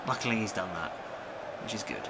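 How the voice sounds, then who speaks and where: A young man giving live commentary on his own football video game, talking to the players on screen and swinging between muttering and shouting. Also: fairly low pitch, quick pace, noisy background. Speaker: gaming YouTuber.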